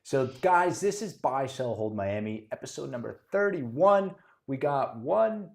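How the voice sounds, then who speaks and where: Male co-host, playful and animated, casual podcast delivery. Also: on the high side, unhurried, gravelly.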